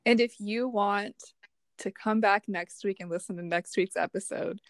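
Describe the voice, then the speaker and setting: A young woman co-hosting a casual podcast, reflective and drawn-out when making a point. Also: medium pitch, no echo. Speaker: podcast co-host. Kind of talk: casual chat.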